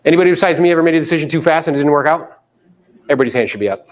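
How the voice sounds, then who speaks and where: A man coaching real estate agents in a live seminar, animated, acting out quotes and swearing casually. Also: a little high, very fast. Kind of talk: live seminar talk to an audience.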